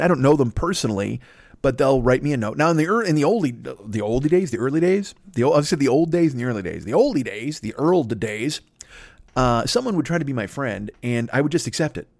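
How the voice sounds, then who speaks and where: A man's voice: mid-range voice, creaky, dry recording, studio quality. A man hosting a comedy podcast, rambling through a profane, self-interrupting rant. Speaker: podcast host.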